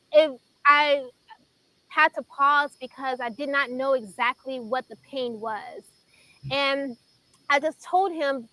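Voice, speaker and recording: A woman in her thirties from Chicago recounts a personal testimony on a faith-centered talk show. Her voice sits high and bright. She tells it earnestly and emotionally, pausing often. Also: poor audio. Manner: earnest, emotional storytelling with pauses. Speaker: guest sharing her testimony.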